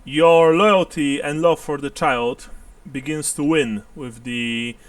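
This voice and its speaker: A man's voice: a little high, steady tone, takes it slowly, dry recording, distant mic. A man narrating a tabletop role-playing game as game master, chuckling often as he describes scenes.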